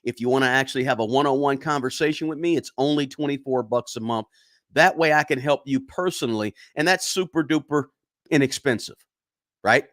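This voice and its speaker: A man's voice: mid-range voice, fairly quick, fairly bright tone, dry recording, clean studio sound. Chatty man hosting a finance livestream. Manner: chatty, talks straight to viewers, repeats himself. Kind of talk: casual livestream chat.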